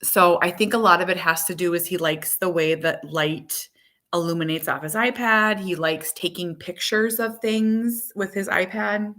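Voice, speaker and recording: A woman in her thirties, a mother, talking casually on a live chat stream, rambling with many fillers and quick laughs. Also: fairly low pitch, bright, forceful tone.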